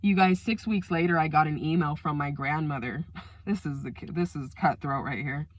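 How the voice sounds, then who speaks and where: A woman telling a personal story time to her viewers, emotional and animated, acting out the quoted lines. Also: low-pitched, normal speed, no room sound. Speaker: storyteller vlogger.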